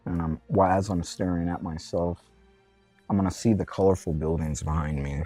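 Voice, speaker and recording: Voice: deep voice, steady tone, a little fast, warm tone, no echo, faint music behind. A player in a tabletop game, describing their character's actions casually, with hesitant fillers.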